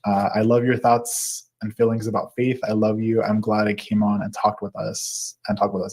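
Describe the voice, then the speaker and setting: A man's voice: fairly low pitch, little pitch movement, moderate pace, vocal fry. A man in his thirties hosting a live stream, reading viewers' comments aloud with frequent laughs and fillers. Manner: warm, laughs often, reads with fillers. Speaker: host.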